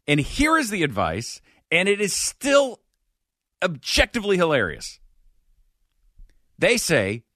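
A man hosting a comedy podcast, telling stories with sardonic, animated delivery. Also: high-pitched, no room sound, clean studio sound. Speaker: podcast host.

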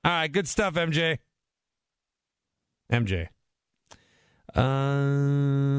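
A man hosting a call-in sports radio show, animated and quick to jump in on callers. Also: mid-range voice, clean tone, no room sound, clean studio sound. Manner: animated, talks over callers.

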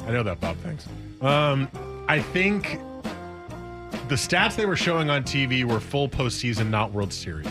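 A man with a mid-range voice banters on sports radio, talkative and quick to joke. A music bed plays under the studio talk. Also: mid-range voice, animated. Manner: joking, talkative.

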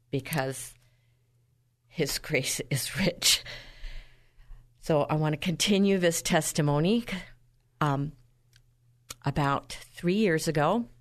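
Woman, deep voice, radio guest, lively testimony, laughs often. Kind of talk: personal testimony.

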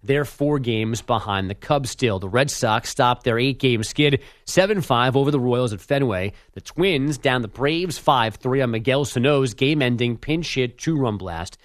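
A man's voice: medium pitch, expressive, measured pace, few pauses, no echo. A man hosting sports radio, reading a sports news update with dry, teasing remarks.

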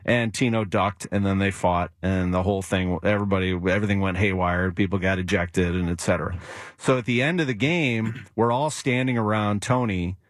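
A man's voice: low-pitched, a little fast, dry recording, studio quality. A man, a sports reporter, telling stories in casual talk, acting out the quotes he recounts. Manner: animated storyteller who acts out quotes. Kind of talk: casual radio talk storytelling.

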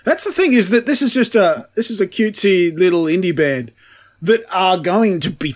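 A man co-hosting a music podcast from his kitchen. His voice sits a little high and he speaks with animated, swearing energy. The talk is loose and casual. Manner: animated, swearing, fast tangents. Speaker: podcast co-host. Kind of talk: casual chat.

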